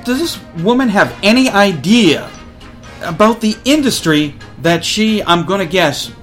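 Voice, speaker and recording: A man's voice: sits high, animated, measured pace, a bit bright, faint music behind. A man hosting a college radio show, telling a story casually and acting out other people's lines.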